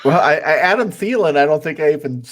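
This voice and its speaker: A man's voice: fairly high pitch, animated, fast. A man in a casual podcast chat, laughing sheepishly as he recounts his lucky win. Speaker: podcast co-host.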